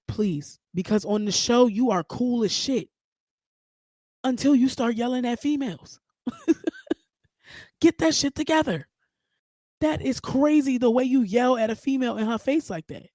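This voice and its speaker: A woman hosting a podcast, giving outspoken, animated, profane commentary. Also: fairly high pitch, no echo, studio quality. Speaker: podcast host. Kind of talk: casual commentary.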